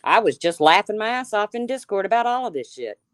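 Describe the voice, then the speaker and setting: A woman's voice: mid-range voice, very animated, a little fast, dry recording, studio quality. A woman hosting a livestream, ranting heatedly with lots of swearing and calling out chat viewers by name. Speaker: livestream host.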